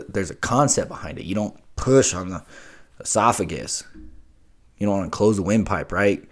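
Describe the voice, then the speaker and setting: A young man hosting his own vlog, chatting in a loose, slangy, frank way. His voice sits on the low side. He keeps coming back to easygoing shrugs. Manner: laid-back, frank, slangy, repeats "it is what it is". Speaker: vlogger host. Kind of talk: casual chat.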